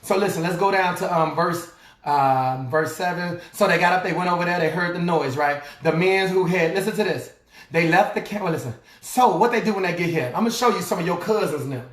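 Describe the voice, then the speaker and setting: A man from Chicago with a Chicago accent, a life coach giving loud, preacher-like motivational coaching with call and response and scripture. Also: high voice, brisk, distant mic. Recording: echoey room.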